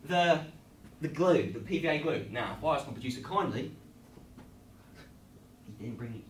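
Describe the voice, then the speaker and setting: A man's voice: on the high side, expressive, moderate pace, a little hiss or hum, natural voice. An English man in a live improv comedy scene, playing a bumbling host of a children's craft show who rambles in a mock-instructive, falsely reassuring way. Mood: chirpy instructional. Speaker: improv performer. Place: small comedy venue stage. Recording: roomy distant mic, live audience laughter.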